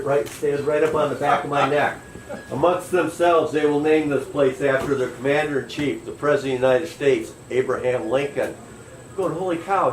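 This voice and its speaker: A man's voice: on the high side, a little hiss or hum. Folksy man telling a story from afar. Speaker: tour guide storyteller. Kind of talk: storytelling to a crowd. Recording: roomy distant recording with faint ambience.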